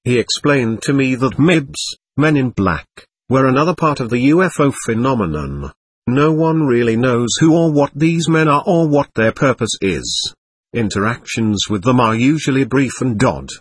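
A man narrating a first-person story aloud in an even, measured way. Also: mid-range voice, husky, no echo.

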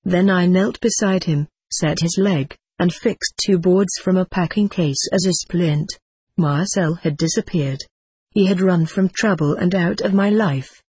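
A narrator reading a first-person adventure story aloud in a steady storytelling manner, voicing the dialogue in the same plain voice. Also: mid-range voice, measured pace, slightly rough, no room sound.

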